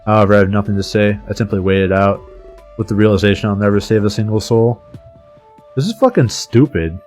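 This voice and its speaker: Guy streaming and reading a visual novel out loud, kinda dramatic, low voice, swears between lines. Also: completely flat delivery, fast talker, faint music behind.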